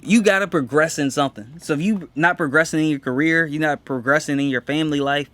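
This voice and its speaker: A comedian co-hosting a podcast in casual chat, talking candidly and boastfully in quick restarts and swearing freely. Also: male voice, on the high side, a bit bright.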